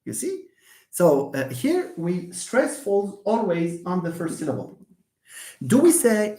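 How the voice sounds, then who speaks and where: A man with a Moroccan accent, a native Moroccan Arabic speaker, lectures in a live online lesson, his pitch swinging widely as he acts out examples. He drifts between English and Arabic and laughs at his own mistaken pronunciations. The sound carries a roomy echo. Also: wildly swooping pitch, moderate pace, a little mellow.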